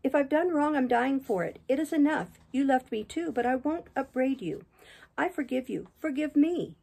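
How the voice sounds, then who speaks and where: A woman reading a dying young woman who pleads in a high, shrill voice. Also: lively intonation, moderate pace, vocal fry, darkish tone. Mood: pleading. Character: dying, desperate young woman, frantic lover.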